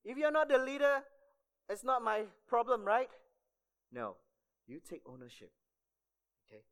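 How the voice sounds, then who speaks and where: A man's voice: extremely high pitch, wildly swooping pitch, measured pace, fairly bright tone. A man preaching a sermon to fellow church volunteers, telling a story and often checking in with "okay?". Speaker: church staff member preaching.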